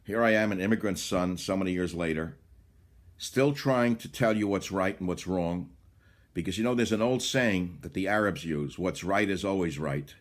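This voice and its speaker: An older man with a low voice rants through a political monologue. He swings from loud indignant outbursts down to low, muttered asides. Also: moderate pace. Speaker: radio talk host. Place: small cottage by the bay.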